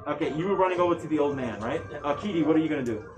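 A man's voice: a little high, expressive, very fast, music in the background, rough recording. A man running a tabletop game as game master, describing scenes casually with fillers.

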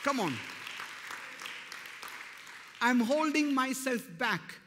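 A man's voice: extremely high pitch, slow pace, long pauses, pushed and bright, a faint crowd. A man preaching a sermon as pastor, speaking emphatically and building to fervent declarations. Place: church hall. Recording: long hall reverb.

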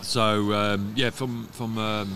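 A man's voice: on the low side, level tone, takes it slowly, crowd noise. A man with an East Midlands accent, a tattoo artist guest chatting casually and hesitantly, with many ums. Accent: East Midlands English. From England, East Midlands. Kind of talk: casual chat. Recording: noisy room.

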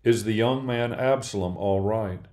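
A man's voice: fairly low pitch, measured pace, darkish tone, natural voice. A man reading as a grieving old king. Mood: quiet.

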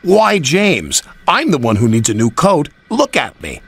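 A man's voice: on the high side, huge pitch swings, a little slow, vocal fry, a bit bright, slightly rough, voice pushed up, exaggerated voice. A man voicing a small, fretful male tank engine who sounds fussy and indignant.

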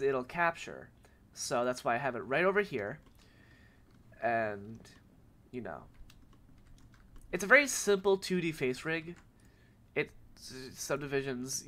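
A man who is sick with a cold, speaking in a nasal voice and giving a rambling, filler-filled software tutorial. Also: on the high side. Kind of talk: casual screen-recorded tutorial.

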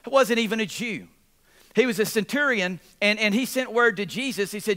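High, bright-voiced preaching pastor. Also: male voice, quick pace. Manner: repetitive, animated preaching with audience call-outs. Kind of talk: sermon.

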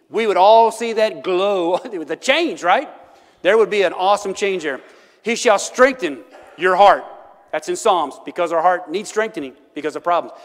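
A middle-aged man preaches in a church, his fairly high voice ringing with a long hall reverb. He tells homely stories and often stops to ask his listeners "right?", laughing along as he talks. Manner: folksy storytelling, laughs often, asks "right?". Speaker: pastor. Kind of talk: sermon. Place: church sanctuary.

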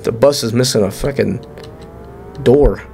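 A young man giving let's-play commentary on a horror game, excitable, joking and swearing as he reacts. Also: medium pitch, measured pace, vocal fry, a little hiss or hum. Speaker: gaming YouTuber.

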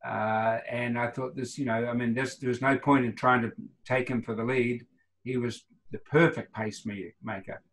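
In a casual interview, a New Zealand guest around seventy, a retired runner with a New Zealand accent, rambles through anecdotes and performs the quoted lines. He speaks at normal speed in a steady, medium-pitched, slightly bright voice, on a low-quality recording.

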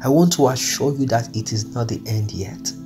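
A man preaching an earnest devotional message with a gravelly, creaky edge to his voice. His pitch sits at an ordinary middle level, and soft music plays behind him. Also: moderate pace. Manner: earnest, pleading, repeats phrases. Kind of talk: devotional sermon over music.

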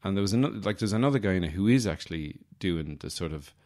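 A man's voice: low-pitched, expressive, fast, a little mellow. A man hosting a comedy podcast, talking in a wry, self-deprecating, digressive monologue. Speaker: podcast host.

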